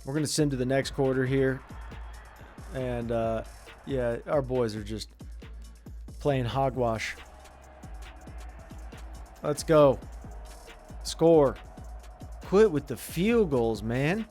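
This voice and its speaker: An excitable young man commentates a football video game, cheering and scolding the players on screen in loose slang. His voice sits in an ordinary middle register, with faint music playing behind him. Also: medium pitch, slow pace, long pauses. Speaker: gaming commentator. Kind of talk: casual gameplay commentary.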